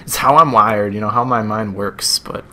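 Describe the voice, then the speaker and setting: A man's voice: on the low side, moderate pace, bright, forceful tone, slight background noise. A young man with a Buffalo, New York accent giving casual, rambling video game commentary in a chatty, self-amused way. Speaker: gameplay commentator.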